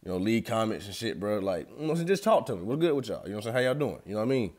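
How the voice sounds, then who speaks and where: Low-voiced young man. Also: big pitch swings, very fast, darkish tone. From Atlanta, USA. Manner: loose, slangy and profane, talks straight to viewers. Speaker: vlogger. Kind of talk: casual rambling vlog.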